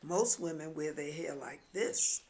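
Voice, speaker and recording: A woman voicing a soft, gravelly market woman. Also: low-pitched, a little slow, slight background noise. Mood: matter-of-fact. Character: matter-of-fact Ghanaian woman at a market.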